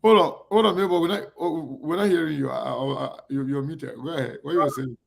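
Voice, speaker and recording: Gravelly-voiced man hosting a live show. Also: on the high side. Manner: halting, repeats himself, greets viewers by name. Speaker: online talk show host. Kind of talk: casual live-stream chat.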